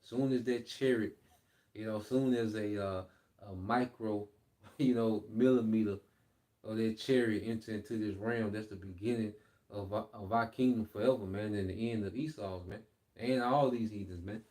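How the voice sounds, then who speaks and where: A man's voice: fairly low pitch, steady tone, moderate pace, mellow. A man giving informal scripture teaching, reading verses aloud and then explaining them in a loose, repetitive way, often tagging lines with "man" and "okay?". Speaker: Bible teacher.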